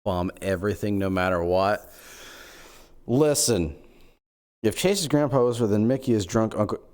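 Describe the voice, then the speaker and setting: A man streaming in-character role-play chat, excitable and scheming, cracking quick jokes. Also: on the low side.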